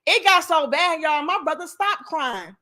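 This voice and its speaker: A woman in her thirties hosts a live commentary stream, her very high, expressive voice sounding pushed and bright at a measured pace. She tells her chat personal stories bluntly and emphatically, swearing freely.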